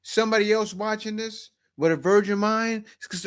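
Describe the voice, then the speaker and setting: A man's voice: sits high, fairly even intonation, moderate pace, clear, resonant tone. A man giving reaction commentary to viewers, emphatic and repetitive, speaking straight to the audience.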